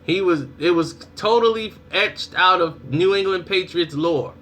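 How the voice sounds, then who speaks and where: A young adult man giving casual spoken commentary on his channel, telling stories in a lively way and acting out people's reactions. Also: sits high, a little slow. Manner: animated storytelling, acts out reactions. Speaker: vlogger.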